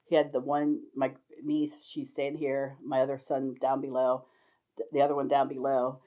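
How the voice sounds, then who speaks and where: A woman's voice: extremely low pitch, flat delivery, moderate pace. An older woman telling rambling stories from her life, often breaking into laughter. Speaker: storyteller sharing life stories. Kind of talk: casual spoken memoir. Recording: dull lo-fi recording.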